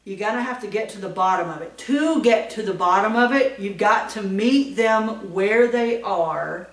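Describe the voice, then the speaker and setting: A woman hosts a casual devotional talk, earnest and chatty, often checking that listeners follow her. Her voice sits at a middle pitch and comes from a little way off the mic. The room around her sounds echoey. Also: moderate pace, hardly any pauses, distant mic. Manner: earnest and chatty, repeats points, asks listeners questions. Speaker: host of weekly devotional talk.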